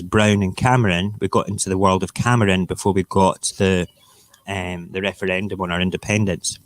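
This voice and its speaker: A man's voice: low voice, no room sound. A Scottish man hosting a live morning talk stream, ranting bluntly and swearing freely. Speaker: live show host.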